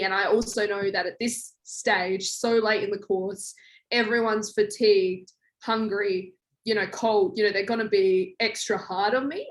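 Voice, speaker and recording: A young woman guest in a podcast interview, telling a story in a lively way and acting out quoted lines. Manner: animated, acts out quoted lines with big pitch jumps. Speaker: guest, former reality show contestant.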